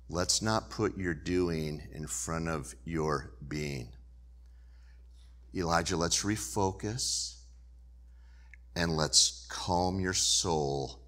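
A man gives voice to God as a gentle, tender presence. The voice is hushed and unhurried, and its tone stays bright. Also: extremely low pitch, voice pushed down, full character voice. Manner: soft, slow, hushed.

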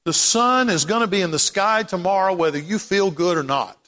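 A pastor in a church sanctuary delivers a sermon in a high, pushed, bright voice at moderate pace, first praying, then rising passionately into emphatic repetition. Long hall reverb colors the recording.

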